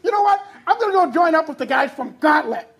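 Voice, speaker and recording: A performer voicing Pac-Man as a frantic, hot-headed husband, talking in shrill bursts and laughing through his lines. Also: expressive, fast talker, fairly bright tone. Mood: outraged. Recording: audience laughter and noise behind.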